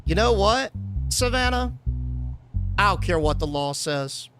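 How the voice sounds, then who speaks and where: A man's voice: high voice, animated, unhurried, over music. A young man streaming a game, chatting casually and profanely and reading the game text aloud. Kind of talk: casual gameplay commentary. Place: home streaming setup.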